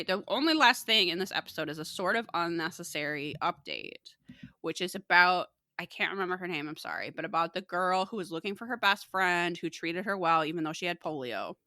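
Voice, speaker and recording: A woman co-hosting a podcast in a relaxed, chatty way, often breaking into laughter. Her voice is very bright and swings widely in pitch. The sound is close and dry, with no room around it. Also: brisk, no echo. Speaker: podcast co-host. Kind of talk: casual podcast chat recapping a TV episode.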